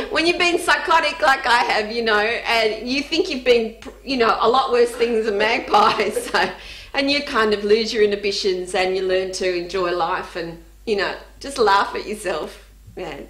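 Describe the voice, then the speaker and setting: An Australian woman with a high, bright voice spins humorous stories from her own life. She is animated, laughs easily and acts out the voices. The recording carries a noticeable room echo. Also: moderate pace. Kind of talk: humorous personal storytelling.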